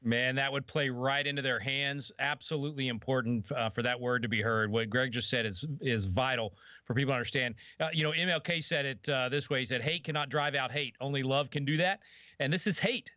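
A guest on a talk program makes his case in a conversational, persuasive way. His voice is bright, and the sound is dry and a bit muffled, lacking some treble. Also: medium pitch, no room sound.

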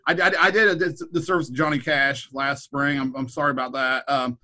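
A man's voice: mid-range voice, steady tone, brisk, sharp tone, low-quality recording. A man, a middle school principal, chatting casually on a podcast, rambling with frequent repeated words and restarts. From Kansas.

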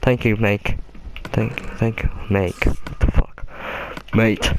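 A man's voice: fairly low pitch, fairly even intonation, slow, background noise. A young Welsh man giving casual, swear-heavy commentary on his game and chatting to his in-game pets. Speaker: gaming commentator.

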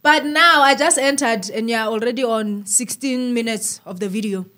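A woman's voice: a little high, normal speed. A woman from South Africa chatting and bantering with her husband on a casual couple's vlog. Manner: animated, laughing banter. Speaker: vlog co-host. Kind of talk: casual chat.

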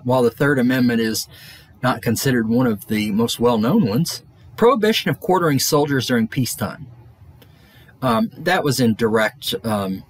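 A man's voice: medium pitch, husky. A man lecturing a college class, rambling with many fillers and restarts.

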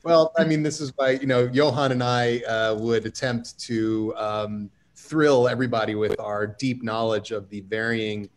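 Male panelist, mid pitch, emphatic chatty delivery. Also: level tone, moderate pace, few pauses. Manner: conversational, emphatic, self-deprecating humor. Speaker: writer on a panel. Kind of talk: panel discussion.

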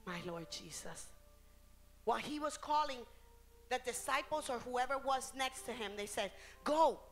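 A woman's voice: on the high side, animated, unhurried, faint music behind. A woman preacher giving a bilingual sermon in a church, switching between Spanish and English phrase by phrase, rising and falling in intensity and drawing out key words.

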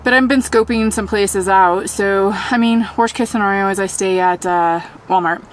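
A woman's voice: mid-range voice, moderate pace, slight background noise, poor audio. A woman travel vlogger chatting casually to her viewers, talking to a handheld camera outdoors. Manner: chatty, addresses viewers directly. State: out of breath from altitude. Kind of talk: casual vlog talk to camera. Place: outdoors by a lake on a windy day.

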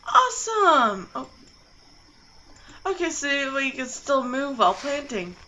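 Young woman, let's-play commentary, chatty, bright, higher pitch. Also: animated, unhurried, rough recording. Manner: chatty, gushing. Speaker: gaming video host.

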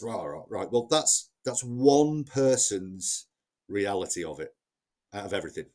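A man's voice: lowish voice, expressive, normal speed, darkish tone. A man with a Northern English accent, a sales trainer talking casually in a podcast and explaining his process step by step. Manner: plain-spoken, explains step by step with acted-out quotes.

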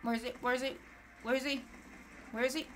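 A woman streaming a game live, excitable, exclaiming and repeating words as she plays. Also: high voice, quick pace, a little hiss or hum. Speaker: gameplay streamer. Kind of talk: live gameplay commentary.

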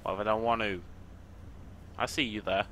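A man's voice: lowish voice, fairly even intonation, normal speed, bright, forceful tone, slight background noise. A man commentating his gameplay in a chatty way, thinking aloud as he plays. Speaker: gaming YouTuber.

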